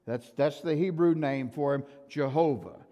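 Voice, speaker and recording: An older male pastor preaching a sermon, emphatic and swinging from loud to soft, in a church sanctuary. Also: fairly high pitch, normal speed, highs cut off. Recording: reverberant church hall.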